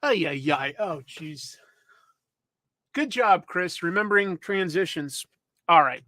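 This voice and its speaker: Man, comics show host, casual rambling chat, self-deprecating, high voice, dry sound. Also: lively intonation, slow pace, bright, forceful tone, no room sound. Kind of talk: casual live-stream chat.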